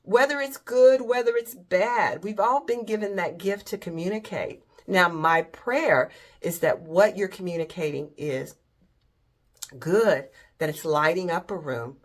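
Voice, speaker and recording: A woman's voice: on the low side, a little slow. A woman hosting a faith-based motivational talk, speaking in a direct, emphatic way and often asking "right?". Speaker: host.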